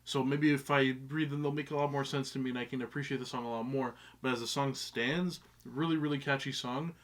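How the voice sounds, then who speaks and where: Easygoing, hesitant mid-pitched man. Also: steady tone, a little fast. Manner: easygoing, hesitant, lots of fillers and restarts. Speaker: music reaction co-host. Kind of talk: casual chat.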